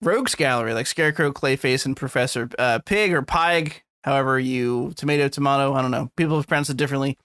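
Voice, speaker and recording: A man's voice: mid-range voice, quick pace, hardly any pauses, a bit bright, dry recording, studio quality. A man co-hosting a podcast in casual chat, rambling and joking crudely, laughing often. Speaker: podcast co-host.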